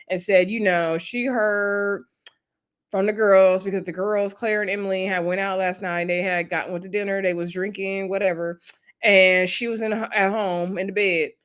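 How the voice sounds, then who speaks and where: A woman with a medium-pitched, fairly bright voice gives a chatty, casual recap of a reality show episode. She tells it as a story, acting out what people said.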